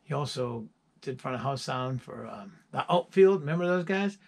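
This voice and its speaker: A man's voice: mid-range voice, expressive, normal speed, gravelly, darkish tone. A musician chatting casually to his viewers, rambling through stories with chuckles. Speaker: musician presenting his album.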